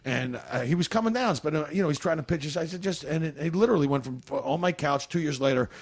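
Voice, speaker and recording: A man's voice: a little high, lively intonation, fast talker, dry recording. A man, a comedian guest, chatting casually on a podcast, rambling and restarting as he tells stories. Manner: rambling, restarts often, storytelling.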